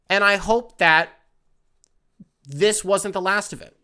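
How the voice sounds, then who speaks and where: A man hosting a solo podcast in a loose, rambling, profane way, full of fillers and asides, who gets excitable when worked up. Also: high-pitched, measured pace, pauses often, clear, resonant tone. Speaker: podcast host. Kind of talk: casual solo podcast storytelling.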